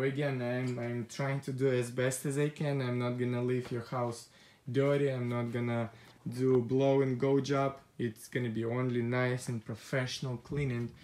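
A man whose first language is not English, walking through an air duct cleaning job inside a house, speaking haltingly and searching for words with many restarts. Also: mid-range voice, darkish tone. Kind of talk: walkthrough narration on the job.

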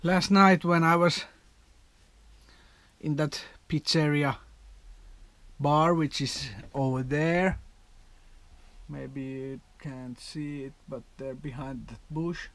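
Slow-talking Finnish man, rambling vlog. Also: mid-range voice, steady tone, a bit bright, no room sound. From Finland. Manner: rambling, chatty storyteller with non-native grammar. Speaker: vlogger. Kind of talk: casual vlog chat.

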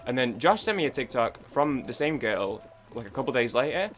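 A man's voice: mid-range voice, very animated, a little fast, fairly bright tone, faint music behind. British young man, gaming YouTuber, loose rambling commentary with lots of false starts. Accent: British English. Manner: rambling, full of restarts and idle humming.

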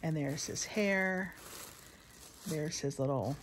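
A woman's voice: low-pitched, slow, slight background noise. A woman vlogging a shopping haul to her phone at home late at night, tired and out of breath, rambling and chatty with laughs in between. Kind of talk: casual chat to camera. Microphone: phone camera.

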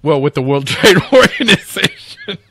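A man's voice: fairly high pitch, sing-song, moderate pace. A man co-hosting a casual political talk show, reading news aloud and joking about it. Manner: joking, reads news aloud then riffs with shouted mock voices. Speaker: co-host.

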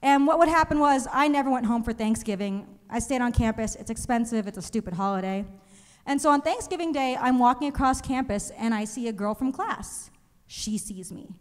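A young woman doing a stand-up comedy set, telling animated stories and acting out other people's voices. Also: on the high side, fairly quick. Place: comedy stage in a museum venue. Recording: live show in a reverberant hall.

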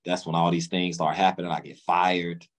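Slangy, animated man telling his story. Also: normal speed. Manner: animated, acts out quotes with sudden pitch jumps; loose, slangy, lots of restarts. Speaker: interview guest. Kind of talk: casual storytelling interview.

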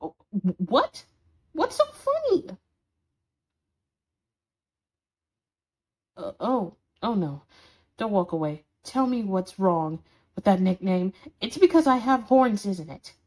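A woman's voice: mid-range voice, expressive, unhurried, darkish tone. A woman voicing a sarcastic, scolding horned demon in an audio role-play for a listener. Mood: flustered indignant. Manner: sarcastic, scolding, dramatic swings.

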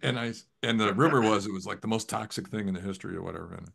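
A man chatting casually on a video call, an animated storyteller whose voice jumps up when he quotes others. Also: lowish voice, racing, creaky, breathy edge. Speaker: guest photographer.

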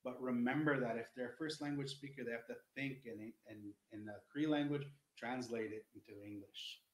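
A man's voice: mid-range voice, steady tone, fairly quick, echoey room, poor audio. A man, an Indigenous educator, explaining culture in an earnest, rambling teaching talk full of restarts.

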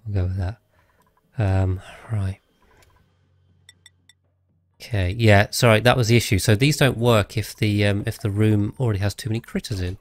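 Male game streamer, lowish voice, casual live commentary, thinking aloud, chatting with viewers. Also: fairly even intonation, moderate pace, long pauses.

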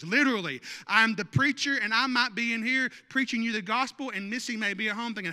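A man's voice: very high-pitched, brisk, few pauses, sharp tone. A man preaching a sermon as pastor, conversational and joking with the congregation. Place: church sanctuary. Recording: long church hall reverb.

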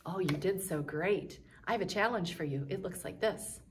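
A woman teaching a kindergarten music lesson, chanting rhymes in a sing-song way and squealing high train whistles. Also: normal speed, few pauses, very noisy.

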